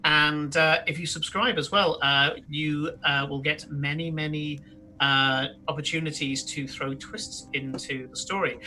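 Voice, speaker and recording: A man's voice: fairly high pitch, fairly even intonation, a little slow, sharp tone. A man, game master of a live-streamed tabletop game, chatting loosely with many fillers and restarts. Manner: rambling, lots of fillers and restarts.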